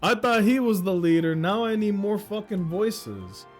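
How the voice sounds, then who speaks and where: A young man streaming a game, excitable and joking with his chat, swearing freely. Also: sits high, measured pace, soft background music. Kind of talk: casual gaming commentary.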